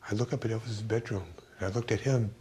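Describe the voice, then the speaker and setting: An older man recalling events in a documentary interview, telling it vividly in the present tense and softening the quoted voices. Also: lowish voice, steady tone, quick pace, slight background noise.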